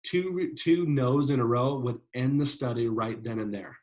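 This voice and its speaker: A male lecturer explains a psychology study in a loose, chatty way. He speaks at a middle pitch and keeps checking in with his listeners. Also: animated, measured pace, a little mellow, low-quality recording. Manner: conversational, many fillers and "right?" checks. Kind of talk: classroom lecture.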